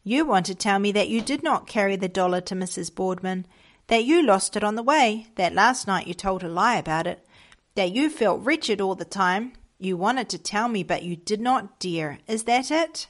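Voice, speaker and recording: A kindly, stern father from an old-fashioned storybook, voiced by a woman reading aloud. He speaks calmly and firmly, with his pitch lifted a little above ordinary talk. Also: normal speed, close to an everyday voice. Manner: calm, firm and kindly. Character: kind, stern boyhood father, older man.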